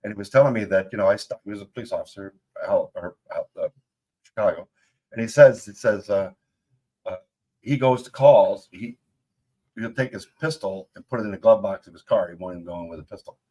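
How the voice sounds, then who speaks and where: A man with a fairly low voice hosting a relaxed interview. He tells stories in a chatty, animated way and turns them into questions for his guest. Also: a little fast. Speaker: host. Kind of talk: casual interview.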